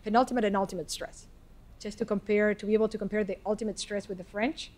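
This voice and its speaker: A woman's voice: mid-range voice, fairly even intonation, fast talker, a little mellow. A woman lecturer answering audience questions in a lecture hall, talking hesitantly with frequent restarts and "I mean" fillers. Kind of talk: academic Q&A answers.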